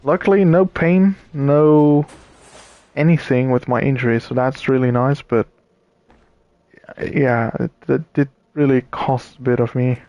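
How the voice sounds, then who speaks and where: A tired man comments casually on a puzzle game as he plays. He talks slowly with many pauses, thinks aloud and chats to his viewers. His voice sits mid-pitch and sounds dry and close to the mic. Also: fairly even intonation, dry recording, lo-fi sound. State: tired and yawning. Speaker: streamer playing a puzzle game. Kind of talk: casual let's-play commentary.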